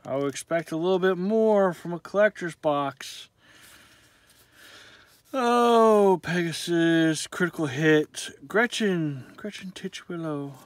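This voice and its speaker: A high-pitched man speaks slowly as he opens trading card packs, announcing every card by name. He keeps things casual and makes self-deprecating jokes along the way, and there's no echo on the recording.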